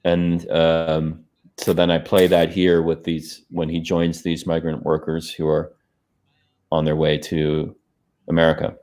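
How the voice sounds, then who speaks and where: A man's voice: very deep voice, monotone, measured pace, darkish tone. A man, a filmmaker, talking casually over his own film during a watch party, rambling with many fillers and restarts on a video call.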